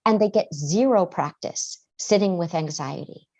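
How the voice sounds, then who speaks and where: A woman's voice: on the low side, normal speed, darkish tone, muffled recording. A woman guest therapist giving earnest podcast interview answers, often acting out how parents and children talk.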